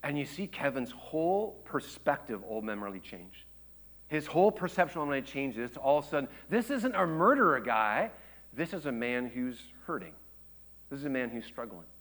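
A man preaching a sermon, telling a story with lively shifts between loud excited quotes and hushed quiet passages. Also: moderate pace. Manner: animated storytelling, acts out quotes with jumps in pitch and volume; drops to a hushed, low voice for tender moments. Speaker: pastor.

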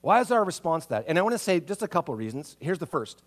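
A male pastor delivering a sermon in a conversational, animated way, often asking listeners rhetorical questions. His voice sits high and swings widely in pitch as he acts out reactions. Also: fast. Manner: conversational, full of rhetorical questions and tag "right?".

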